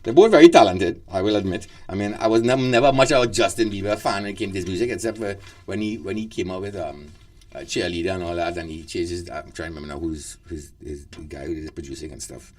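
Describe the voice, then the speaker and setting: A man's voice: sits low, fast talker, a little mellow. A man, hosting a casual radio chat show, rambling with lots of fillers and laughs.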